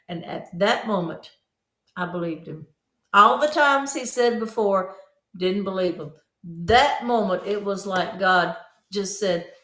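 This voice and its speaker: A woman of medium pitch telling her memories with lively energy, voicing the people in her stories as she recounts them. Her speech carries a noticeable room echo. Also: measured pace. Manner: animated storyteller who acts out quoted dialogue. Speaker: guest, author of memoir. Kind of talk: casual interview storytelling.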